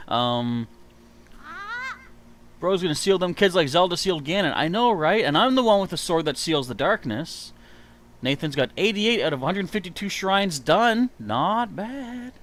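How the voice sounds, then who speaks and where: Male game streamer, lively up-and-down delivery, slightly high voice, playful mock outrage. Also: moderate pace, slight background noise. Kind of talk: casual live gaming commentary.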